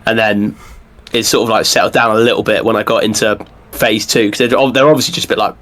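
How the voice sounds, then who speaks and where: A man's voice: fairly low pitch, flat delivery, a bit bright. A man who is a podcast guest, telling stories in casual chat with many fillers and restarts. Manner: rapid, rambling storytelling with lots of fillers and restarts.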